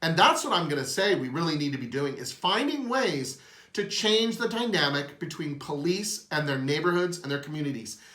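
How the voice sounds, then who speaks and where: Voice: medium pitch, very animated, moderate pace, fairly bright tone, echoey room. A host giving an earnest, emotional opinion monologue.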